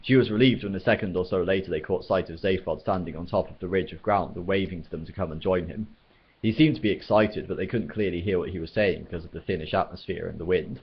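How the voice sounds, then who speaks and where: A man reading a novel aloud as storyteller, in a steady, measured way, on a dull lo-fi recording. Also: sits low, husky.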